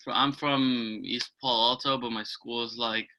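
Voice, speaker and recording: Hesitant young man, flat and bright. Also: medium pitch, slight background noise, rough recording. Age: young adult. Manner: hesitant, many ums, slow and flat. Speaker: incoming student. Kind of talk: introducing himself in class. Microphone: video call.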